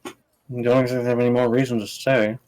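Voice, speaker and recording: A man's voice: mid-range voice, little pitch movement, a little fast, darkish tone, a little hiss or hum. A man playing in a tabletop game, chatting casually, joking and swearing freely. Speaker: player.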